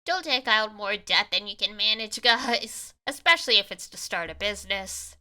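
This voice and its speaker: A woman's voice: medium pitch, animated, moderate pace, bright, forceful tone. A woman streaming a game, chatting casually and joking, with the odd swear word. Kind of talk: casual gameplay commentary.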